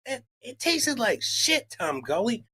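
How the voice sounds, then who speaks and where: Here the male co-host's voice is very high and husky, pushed and bright, with big pitch swings at a slow pace. Swearing freely, he rants in casual podcast chat and acts out quoted back-and-forths.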